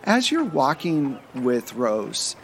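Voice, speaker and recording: A man narrating as game master in a tabletop game, in a loose, relaxed way. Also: mid-range voice, slow pace, a little hiss or hum.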